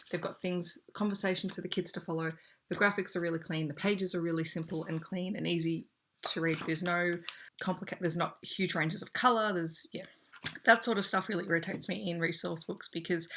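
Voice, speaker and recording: A woman's voice: fairly low pitch, fairly bright tone, slight background noise. A young Australian woman and teacher talking through a book haul in a chatty, enthusiastic way. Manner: chatty, enthusiastic, shows pages to camera. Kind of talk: casual book haul chat.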